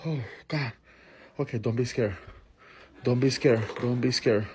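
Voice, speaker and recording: A frightened man filming himself in his bedroom at night, talking to viewers in a hushed, halting voice and swearing under his breath. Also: mid-range voice, slight background noise. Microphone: handheld phone camera.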